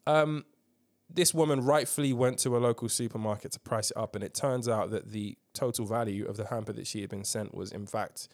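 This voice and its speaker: Low-voiced man, emphatic podcast host. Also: fairly quick. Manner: animated, emphatic storytelling with swearing and filler ums. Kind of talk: casual current-affairs chat.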